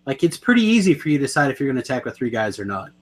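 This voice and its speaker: A male podcast co-host with a mid-range, sing-song voice talks very fast. He's chatting casually and with enthusiasm about card games, often wandering off and correcting himself mid-sentence.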